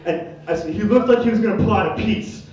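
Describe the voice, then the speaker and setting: Young man, stand-up storytelling, high voice, echoey room from far off. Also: fast. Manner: rambling, slangy, acts out characters loudly. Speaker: stand-up comedian.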